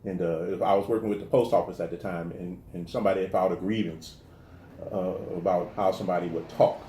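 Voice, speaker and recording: A man from the telling stories in a casual interview, animated and restarting his sentences often. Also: low voice, quick pace, reverberant, slight background noise. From American South. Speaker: guest talking about his life.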